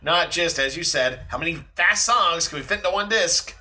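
A man co-hosting a casual music podcast, retelling comedy bits with animated impressions. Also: fairly high pitch, normal speed. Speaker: podcast co-host. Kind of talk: casual chat.

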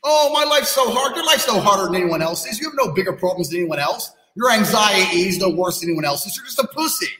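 A man's voice: high voice, expressive, quick pace, hardly any pauses, background noise. A man ranting bluntly on a podcast, brash and profane, bragging about himself. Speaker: guest, kickboxing champion. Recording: echoey room with long reverb.

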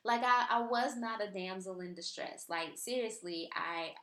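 A woman's voice: mid-range voice, normal speed, bright, forceful tone. Chatty woman telling a story, roomy echo. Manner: chatty, exasperated retelling with filler words. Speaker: vlogger. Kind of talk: casual storytime chat.

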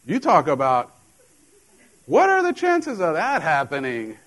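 A man's voice: a little high, huge pitch swings, unhurried, fairly bright tone, low-quality recording. Man preaching a casual sermon. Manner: conversational preaching, jokes and laughs with the congregation. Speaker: pastor. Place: church.

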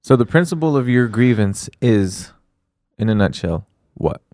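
A man with a fairly low voice co-hosting a podcast. He talks in an easy, reflective way, wandering off into asides. The recording is dry and close to the mic. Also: sing-song, normal speed, a little mellow, no room sound. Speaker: podcast co-host. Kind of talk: casual podcast chat.

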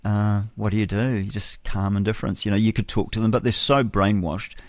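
A middle-aged man with a New Zealand accent hosts a breakfast radio show from a radio studio, rambling through an opinionated monologue and laughing at his own jokes. His voice sits on the low side, with flat delivery, a slightly fast pace and no room sound.

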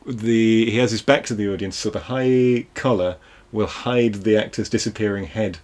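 Rambling low-voiced man chatting films. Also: fairly even intonation, moderate pace, darkish tone. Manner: rambling, restarts sentences, laughs easily. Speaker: podcast co-host. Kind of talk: casual film discussion.

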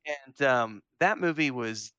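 A man's voice: mid-range voice, animated, slow pace, bright, forceful tone, clear, resonant tone, no echo, highs cut off. A man telling stories in a casual chat, emphatic and profane.

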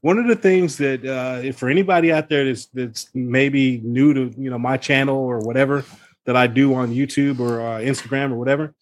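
A man's voice: mid-range voice, steady tone, fairly quick. A man guesting on a casual chat, enthusiastic and encouraging, calling people "man". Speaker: guest, barbecue content creator.

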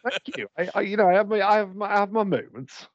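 Rambling British podcast host, fairly high. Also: male voice, animated, fast talker, no room sound, lo-fi sound. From United Kingdom. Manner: rambling, stops and restarts often, playful. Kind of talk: casual chat, live movie watch-along.

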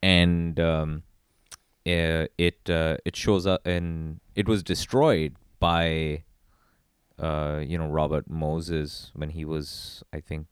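A man co-hosting a casual podcast chat, talking haltingly with many fillers as he thinks aloud. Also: rumbling low, level tone, smooth, no room sound.

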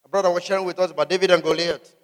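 A man preaching a sermon, asking the congregation questions and shouting out scripture. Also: high voice, fairly even intonation, rapid-fire, big-room sound. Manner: emphatic call-and-response preaching, shouting scripture.

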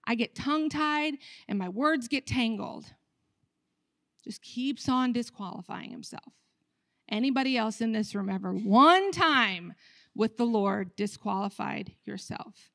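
An American woman pastor preaching a sermon, talking conversationally to the room and acting out dialogue with lively shifts in her voice. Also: fairly high pitch, unhurried, no echo, studio quality. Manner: animated, acts out dialogue with her voice; conversational, asks the room questions.

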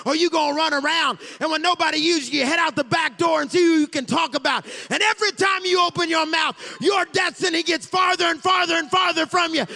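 Gravelly high-voiced impassioned preacher man. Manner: impassioned, shouting and half-singing at peaks. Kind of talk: sermon.

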